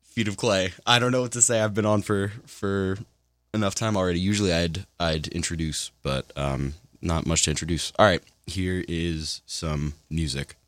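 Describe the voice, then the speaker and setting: A man's voice: sits low, fairly even intonation, moderate pace, fairly bright tone, no echo. A man working as a college radio DJ with the hiccups, announcing songs in a loose, rambling way with self-deprecating asides, in a studio on a broadcast mic. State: has the hiccups.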